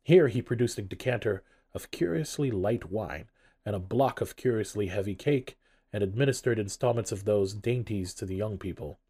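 A man narrating a classic novel aloud in an expressive, storytelling manner. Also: fairly low pitch, normal speed, husky. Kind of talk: audiobook narration.

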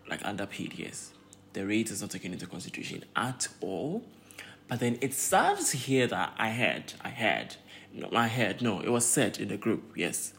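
A man's voice: on the low side, a little hiss or hum. A young man with a Ghanaian accent, venting in a casual vlog, exasperated and repeating himself with many fillers. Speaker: pharmacy graduate vlogger.

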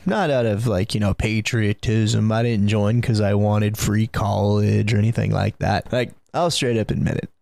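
A young man hosting a live podcast, rambling and swearing as he tells stories, laughing often and admitting he is high. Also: creaky, a little mellow, no echo. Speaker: podcast host.

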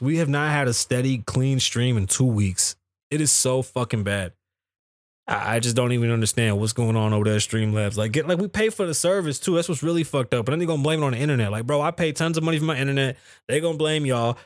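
A man hosting a solo livestream podcast, talking in an animated, profane way that swings between loud bursts and low mutters. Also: fast talker, dry recording, clean studio sound. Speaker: podcast host. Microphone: studio microphone.

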